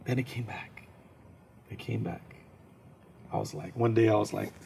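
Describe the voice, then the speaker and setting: A man's voice: on the low side, normal speed, gravelly, long pauses, background noise. A man, a comedian, telling a story as an interview guest and acting out the scenes. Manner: animated, acts out scenes and voices.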